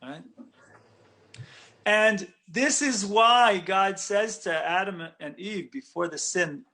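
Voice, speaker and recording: High-voiced man teaching with lively energy. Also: unhurried, vocal fry. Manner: conversational, with frequent "right?" check-ins and restarts. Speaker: rabbi. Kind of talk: animated Torah lecture.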